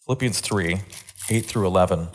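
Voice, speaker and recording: A man with a somewhat low voice delivers a sermon-style lecture in an earnest way. He often restarts and repeats words when stressing a point, and his pitch and volume climb as he leans in. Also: normal speed. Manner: earnest, builds emphasis with rising pitch and volume.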